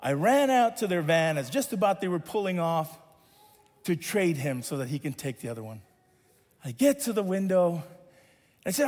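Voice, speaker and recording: Male pastor, Southern California, animated and playful storyteller, high-pitched, long church reverb. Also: moderate pace. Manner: animated, playful, laughs at his own story. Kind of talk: sermon storytelling.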